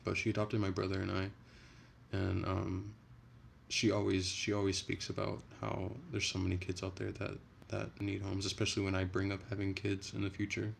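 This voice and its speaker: Low gravelly young man chatting on stream. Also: normal speed, slight background noise. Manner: chatty, profane, animated ranting. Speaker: livestream host. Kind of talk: casual livestream chat reading comments. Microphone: phone.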